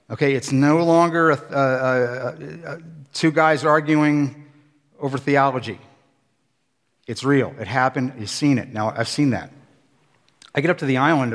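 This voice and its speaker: Animated man preaching in a reverberant hall. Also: mid-range voice. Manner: animated storyteller, acts out scenes. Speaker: pastor. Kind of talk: sermon storytelling. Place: church hall.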